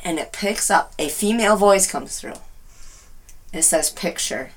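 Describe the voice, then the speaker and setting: A woman's voice: lowish voice, measured pace. A woman co-hosting a casual talk show, telling a personal story animatedly and acting out what people said. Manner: animated, emotional storyteller who acts out quotes. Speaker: podcast co-host.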